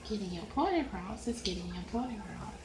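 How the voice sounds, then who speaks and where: A woman with a Southern US accent and a high voice chatting casually while she colors, rambling in an easygoing way. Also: expressive, fairly quick, reverberant, noisy background. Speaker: coloring video creator. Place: at home at a coloring desk.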